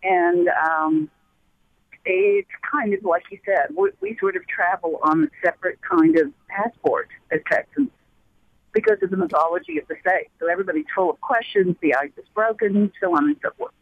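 A woman's voice: mid-range voice, sing-song, normal speed, breathy edge, no room sound. A woman calling a radio show, articulate and chatty, heard over the phone. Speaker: caller. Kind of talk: radio call-in chat. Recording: phone-line sound.

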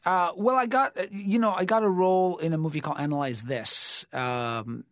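A man's voice: high-pitched, moderate pace, dry recording, clean studio sound. A man, an actor, talking casually in an interview and telling stories in a reflective way, with frequent fillers and restarts. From United States. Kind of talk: conversational interview storytelling.

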